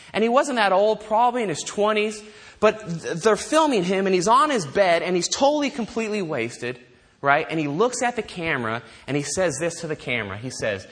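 A man preaching a sermon to a congregation, telling stories in an animated way, often restarting sentences and laughing. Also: high voice. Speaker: pastor.

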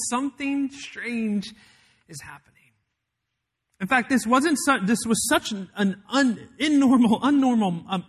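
High-voiced man preaching a sermon. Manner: emphatic storytelling with dramatic pauses and restarts. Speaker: pastor.

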